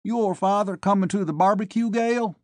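A man's voice: sits high, fairly quick, a little mellow, no room sound, voice pushed up, natural voice. Brief: man doing a raised, folksy politician, easygoing. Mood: genial. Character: genial older male president, folksy host.

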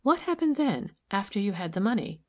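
A woman reading the lines of a gentle, quiet woman who asks curious questions in an audiobook. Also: medium pitch, big pitch swings, fairly quick.

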